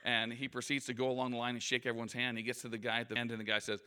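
A man's voice: medium pitch, level tone, rapid-fire, sharp tone, smooth. A man giving an anecdotal motivational talk in front of a live audience, in a conversational, self-deprecating storytelling manner. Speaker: guest speaker.

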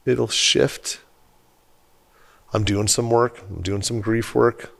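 A man's voice: on the low side, steady tone, slow pace, creaky, fairly bright tone. A man hosting a podcast, talking in an earnest and emphatic way in casual conversation. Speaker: podcast host.

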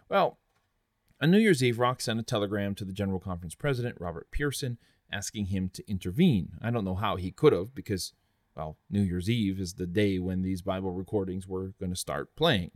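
Earnest and conversational, a post-college adult man narrates his history podcast and drops in chatty asides. He speaks at normal speed in a lowish voice, and the studio sound is clean with no room sound.

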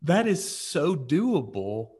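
A man's voice: on the high side, slow. A man co-hosting a casual faith podcast, telling a story with lots of "like" and "right?" and acting out the voices of the people in it. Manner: animated storyteller, acts out quoted voices, frequent "like" and "right?". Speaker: podcast co-host.

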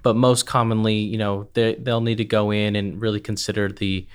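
A man's voice: fairly low pitch, flat delivery, normal speed, clear, resonant tone. A man on a podcast methodically listing technical accounting requirements, with frequent "right" and "um". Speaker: accounting expert guest. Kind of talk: explanatory podcast discussion.

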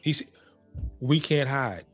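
A man co-hosting a casual faith podcast, talking in an animated, emphatic way and repeating phrases for effect. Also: mid-range voice, slow, husky, faint music behind. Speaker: podcast co-host.

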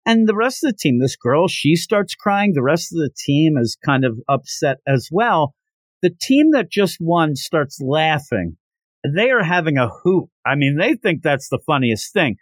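A man hosting a podcast, casually retelling a manga story with animated asides. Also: fairly high pitch, unhurried, no echo. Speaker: podcast host.

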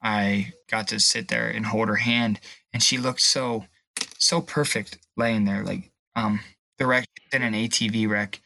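A young man sharing a personal testimony in an interview, emotional and halting, at times tearful. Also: on the low side, steady tone, gravelly, sharp tone, a little hiss or hum. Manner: emotional, halting, pauses and restarts. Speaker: guest.

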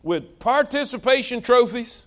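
A male pastor preaching a sermon. He calls to the congregation for responses and swings between shouted exhortation and low, hushed asides. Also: animated, unhurried.

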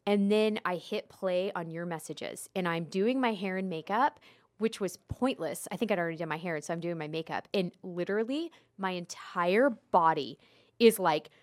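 A woman in her thirties co-hosting a podcast, telling stories in casual chat with quick asides. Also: fairly low pitch. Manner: animated storytelling, quick asides. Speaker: podcast co-host.

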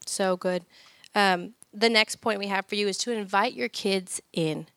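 A woman's voice: medium pitch, steady tone, a little slow, fairly bright tone, clear, resonant tone, no echo. A woman in her thirties giving a chatty faith talk about family prayer, full of personal stories and fillers. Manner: chatty storytelling, many fillers.

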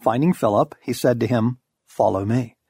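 A middle-aged man narrates a devotional book as an audiobook, reading the scripted text with wry, storytelling emphasis. His voice is medium-pitched, warm, and slightly rough, at normal speed with no room sound.

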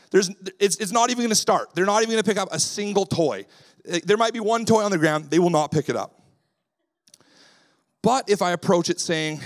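A male pastor preaching a sermon in a relaxed, conversational way, weaving in stories about his daughters and acting out what he says to them. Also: high-pitched. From Canada. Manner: lively, acts out his own voice when quoting himself.

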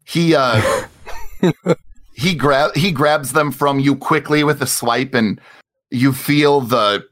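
A man narrating as game master of a tabletop game, describing scenes slowly with searching fillers. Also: mid-range voice. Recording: loud music underneath.

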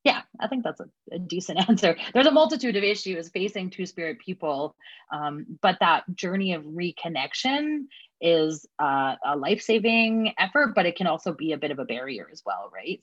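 A woman speaking as an interview guest and community liaison, heartfelt and soft-spoken, often asking "right?". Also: low-pitched, big pitch swings, moderate pace, no echo. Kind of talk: earnest interview answers. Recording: dull, dry lo-fi sound.

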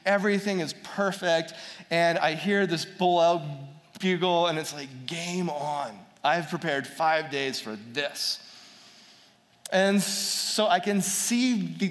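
A man telling a personal story to an audience in an animated way, acting out quotes and restarting words. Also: fairly high pitch. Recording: long hall reverb.

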